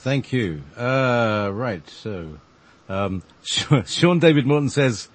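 A male host reading listener questions aloud in a relaxed, lively way. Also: medium pitch, takes it slowly.

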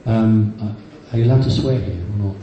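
With a lowish, mellow voice and a moderate pace, a man in his fifties shares anecdotes from his own life before a live audience, often using fillers and starting over. The lo-fi sound captures a very echoey hall and a faint hum of background noise.

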